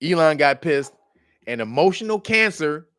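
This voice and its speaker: Casual commentary host, man, lively storyteller, slightly high, dry mic. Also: normal speed, no room sound. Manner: animated storytelling, acts out quotes in high mocking voices, laughs often.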